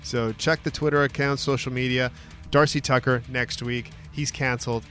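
A man's voice: medium pitch, fairly even intonation, normal speed, fairly bright tone, faint music behind. A man appearing as a guest on a sports talk show, giving opinions in a casual, filler-laden way. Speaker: guest, comedian and former player.

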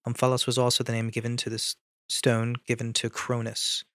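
A man's voice: medium pitch, completely flat delivery, moderate pace, fairly bright tone, no room sound, studio quality. Man reading out a definition. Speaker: co-host. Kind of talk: casual chat and reading a definition.

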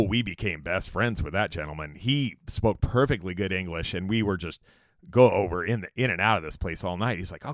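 A man's voice: medium pitch, no echo, clean studio sound. A young man from California telling rambling, profane stories about a band tour, full of fillers. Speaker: musician recounting a tour. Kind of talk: casual storytelling monologue.

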